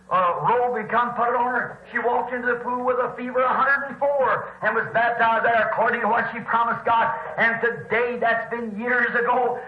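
A man preaching a storytelling sermon in a church, animated, rising to shouts with folksy grammar. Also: extremely high pitch. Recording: roomy, dull lo-fi old recording.

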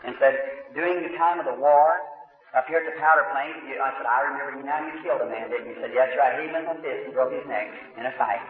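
Folksy preacher on a tinny old recording. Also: male voice, mid-range voice, fast talker. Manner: folksy storytelling, quotes others in dialogue. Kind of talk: testimony sermon, storytelling. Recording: tinny old archive recording from far off in a reverberant hall.

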